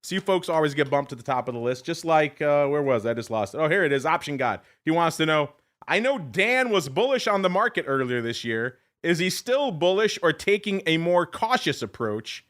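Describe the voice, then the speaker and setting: A man's voice: on the high side, animated, brisk, fairly bright tone. Joking man hosting a podcast. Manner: joking, teasing banter. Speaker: podcast host. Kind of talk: casual chat.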